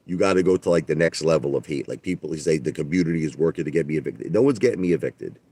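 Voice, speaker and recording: Livestream host, man, very low voice, dry close sound, defensive repetitive ranter. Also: fast, few pauses, warm tone, slightly rough, no echo. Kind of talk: ranting livestream monologue.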